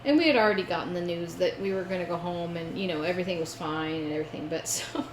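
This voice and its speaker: A woman co-hosting a casual craft chat show, telling an animated story. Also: fairly low pitch, fast talker. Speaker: co-host. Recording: echoey room with faint noise.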